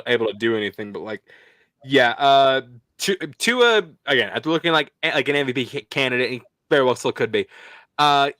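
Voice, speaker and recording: Bright-voiced young man hosting a sports podcast. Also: mid-range voice, no room sound. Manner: rambling, many "like"s and restarts. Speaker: podcast host. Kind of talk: casual sports chat.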